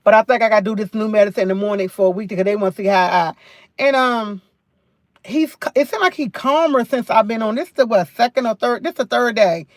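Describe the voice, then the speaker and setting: A woman's voice: on the high side, quick pace, no echo, studio quality. Chatty New woman livestreaming. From New York. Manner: chatty, repeats phrases, rambling storytelling. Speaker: livestream host. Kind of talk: casual live chat.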